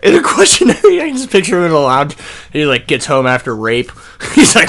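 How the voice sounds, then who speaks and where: A man's voice: fairly high pitch, wildly swooping pitch, a little fast, fairly bright tone. A man co-hosting a casual podcast, joking, laughing a lot and swearing. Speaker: podcast co-host.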